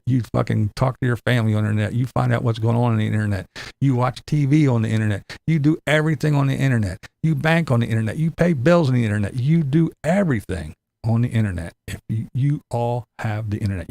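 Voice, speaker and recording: An older man with a gravelly, creaky voice delivers a profane, sarcastic rant. He laughs often between his complaints. The recording is dry and close, with no room sound. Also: medium pitch, darkish tone, dry recording. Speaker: vlogger. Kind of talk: ranting monologue.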